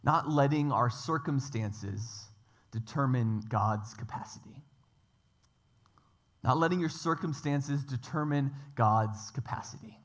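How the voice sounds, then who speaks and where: Emphatic pastor preaching a sermon. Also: male voice, mid-range voice, slow pace. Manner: emphatic, piles up repeated phrases and lists.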